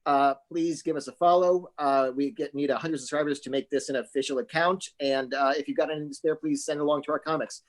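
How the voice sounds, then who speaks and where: Cheery guy hosting, thanking everyone and plugging the next show, slightly high voice. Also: fairly even intonation, fast talker, hardly any pauses. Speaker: show producer and host. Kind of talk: casual sign-off of a live comedy stream.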